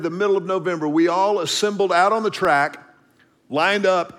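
High-voiced man telling a story. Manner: vivid storyteller, drops to a hush for asides. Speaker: speaker. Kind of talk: storytelling devotional talk.

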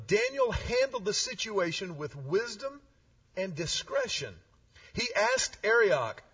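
Male pastor, animated sermon storyteller, high and lively. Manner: animated, conversational, with restarts and asides. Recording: slightly distant, dull sound.

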